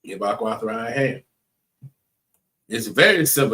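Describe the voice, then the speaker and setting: A man's voice: mid-range voice, normal speed, fairly bright tone. A man leading a live online class, speaking emphatically, repeating his points and checking in with listeners with "right?". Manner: addresses chat viewers directly. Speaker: class instructor.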